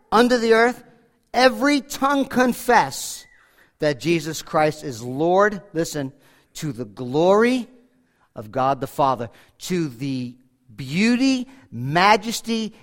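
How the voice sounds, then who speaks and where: Man preaching with wide pitch swings. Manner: emphatic preaching, swings from loud to hushed; asks the congregation direct questions. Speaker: pastor. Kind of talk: sermon.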